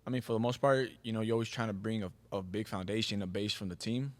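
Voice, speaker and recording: A man in his twenties, a team captain being interviewed, easygoing and modest with relaxed fillers. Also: lowish voice, fast, dry recording. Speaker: guest, soccer team captain. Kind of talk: casual interview.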